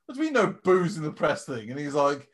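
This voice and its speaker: A man's voice: on the high side, big pitch swings, fast. A man co-hosting a podcast, telling swearing-laden anecdotes in casual chat and mimicking people with laughter. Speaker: podcast co-host.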